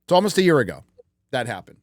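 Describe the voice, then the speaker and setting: A man's voice: mid-range voice, sing-song, fast, darkish tone, no room sound, studio quality. A man hosting a livestream show, talking casually in a rambling, profane way with many fillers. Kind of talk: casual chat.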